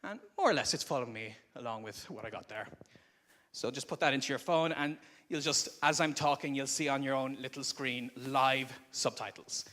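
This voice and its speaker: A man with a medium-pitched, sharp-toned voice addresses a conference audience at a moderate pace. He talks into a microphone during his live presentation in the conference room, explaining things conversationally.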